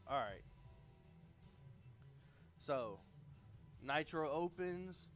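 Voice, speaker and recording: A man giving relaxed, casual narration of a game he is playing, recapping events as they come. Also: fairly high pitch, drawn-out words, faint music behind. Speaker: gaming YouTuber.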